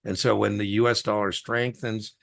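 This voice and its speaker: A man's voice: lowish voice, level tone, moderate pace, creaky, a bit bright, no echo, studio quality. A middle-aged man tutoring a student one-on-one over a video call, chatty and folksy, telling stories with lots of fillers. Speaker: exam tutor.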